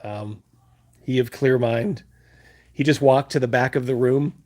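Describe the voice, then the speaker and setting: A man's voice: mid-range voice, unhurried. Rambling, laughing male stream host. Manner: rambling, laughing, acts out his own panic loudly. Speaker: livestream host. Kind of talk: casual storytelling to live chat.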